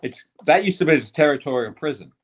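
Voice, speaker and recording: On the high side and animated, this older man's voice moves at a quick pace. He's a sportswriter guest on a podcast, chuckling through long, rambling anecdotes and often starting over.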